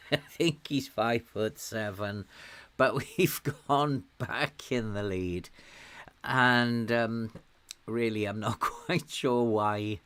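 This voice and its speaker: A middle-aged man from Wales with a softened Welsh accent, chatting casually and laughing often as he streams a game to his viewers. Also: fairly low pitch, smooth. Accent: softened Welsh, with some American words. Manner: slow, chatty, laughs often while talking. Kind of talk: casual live-stream commentary.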